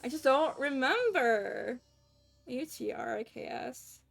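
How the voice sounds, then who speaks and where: A woman's voice: high-pitched, animated, takes it slowly, creaky. A young adult woman streaming a video game, chatting casually, swearing, and laughing at her own mispronunciations.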